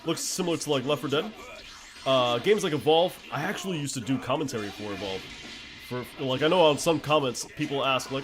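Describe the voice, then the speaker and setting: Man streamer, casual gameplay chat, blunt storyteller, lively swinging pitch, faint music behind. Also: fairly quick.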